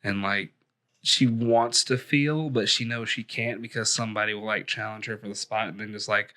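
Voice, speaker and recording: A man's voice: lowish voice, steady tone, moderate pace, bright, forceful tone. A man in a casual fan discussion, explaining things in a loose way full of likes.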